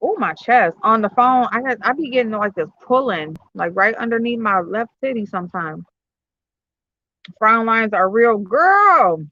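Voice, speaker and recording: Speaking a little slowly in a somewhat high, animated voice, a woman hosts a laid-back home livestream and tells her viewers stories loosely, swearing and using lots of fillers. There's no room sound, and the stream audio from her computer or phone software comes through slightly dull and lo-fi.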